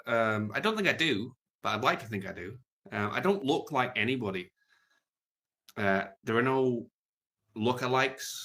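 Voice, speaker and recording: A British man rambling crudely and jokily through an unscripted livestream, reading out viewer comments. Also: medium pitch. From Britain. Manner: rambling, crude, jokey, trails off quietly.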